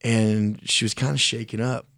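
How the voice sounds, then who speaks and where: A man's voice: on the low side, level tone, normal speed, creaky, fairly bright tone, no room sound, studio quality. A man telling a long story in casual chat, blunt and frank, swearing often and rambling, and openly critical of himself. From Mexican heritage.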